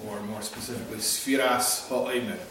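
A man's voice: mid-range voice, steady tone, normal speed, very noisy. Joke-telling man teaching in an echoey hall. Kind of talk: informal Torah class talk. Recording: echoey hall, mic at a distance, faint ambience.

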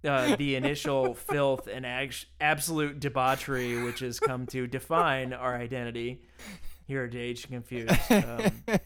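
A man's voice: mid-range voice, measured pace, fairly bright tone, clean tone. A man co-hosting a podcast in casual banter, joking and rambling, often laughing. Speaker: podcast co-host.

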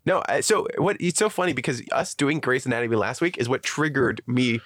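A man with a cold, sniffling as he chats on a podcast, his voice lively in pitch and recorded dry and close. He stays laid-back and laughs easily at his co-host. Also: a little fast, no echo. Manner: laid-back, laughs a lot, blunt jokes. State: sick, sniffly. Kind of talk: casual podcast banter.

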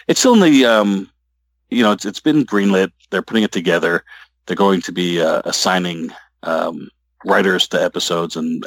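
Low-voiced man rambling in an interview. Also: dry recording. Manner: rambling, halting, many restarts. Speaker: comic book writer guest. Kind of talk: casual interview talk.

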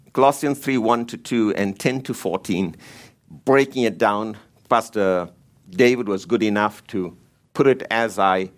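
A man gives a Bible teaching with slides, his voice lively and swinging widely in pitch. He drives points home by repeating key words and climbs higher when he stresses them. Middle-pitched and earnest in delivery.

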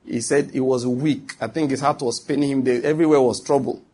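A male preacher with a husky, breathy voice at a middle pitch delivers a sermon. He presses his points through repetition and keeps asking his listeners whether they follow. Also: fairly even intonation, a little fast, mellow. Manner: emphatic and repetitive, with asides to the listeners. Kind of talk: sermon to a congregation.

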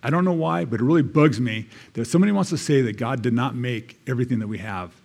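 A man's voice: mid-range voice, fast talker, gravelly, darkish tone. An American man, a church elder, giving a conversational sermon, reading scripture aloud and adding casual asides.

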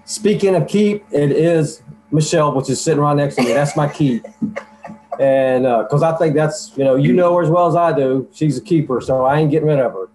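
A man's voice: on the high side, brisk, a little mellow, poor audio. A man calling in to a podcast, talking in a plain, blunt way. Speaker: caller. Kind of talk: casual call-in chat.

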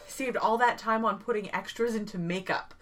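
A woman's voice: medium pitch, brisk, a bit bright, recorded from a distance, slight background noise. A woman co-hosting a podcast, dropping quippy one-liners in a casual recap of an episode. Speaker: podcast co-host.

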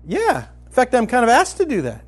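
A man teaching from the Bible in a conversational, colloquial style, telling the story vividly and swinging from loud to hushed. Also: extremely high pitch, wildly swooping pitch, brisk, slightly rough. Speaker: preacher.

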